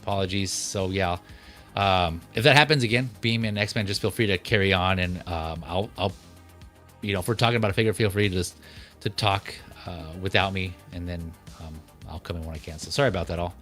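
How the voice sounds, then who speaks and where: A man's voice: deep voice, fairly quick, soft background music. A man hosting a casual livestream about collectible figures, chatting loosely with fillers and restarts. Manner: relaxed, rambling, many fillers and restarts. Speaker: livestream host.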